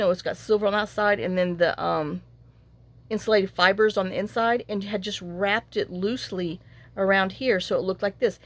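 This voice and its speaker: A middle-aged woman, telling a rambling, animated story in a casual vlog, acting out the quoted lines. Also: medium pitch, dry recording. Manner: chatty, animated retelling with acted-out quotes and fillers. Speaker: journaling channel host.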